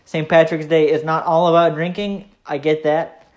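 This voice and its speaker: A man's voice: fairly high pitch, little pitch movement, normal speed. Chatty Michigan man hosting a podcast. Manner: rambling, self-deprecating, chatty with frequent fillers. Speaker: podcast host. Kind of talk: casual solo podcast monologue.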